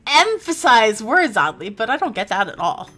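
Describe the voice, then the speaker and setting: A woman's voice: on the high side, very animated, moderate pace, bright, forceful tone, faint music behind, heavily acted. A woman voicing a creepy, grinning male innkeeper and butcher in a comic game, who claims a lisp and stresses words oddly. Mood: sly. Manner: oddly stressed, falsely innocent talk.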